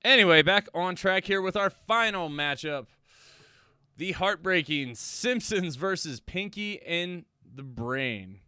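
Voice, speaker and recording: A man's voice: sits high, expressive, slow, pushed and bright, clean tone, no echo. A young man hosting a casual podcast chat, tallying votes with jokes and casual swearing. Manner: joking, upbeat, swears casually.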